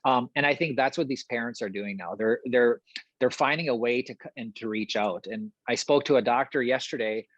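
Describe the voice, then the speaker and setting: A middle-aged man, a guest in a casual podcast interview, telling stories with energy, often repeating words and laughing quickly. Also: medium pitch, no echo, lo-fi sound. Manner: animated storyteller, repeats himself, quick laughs.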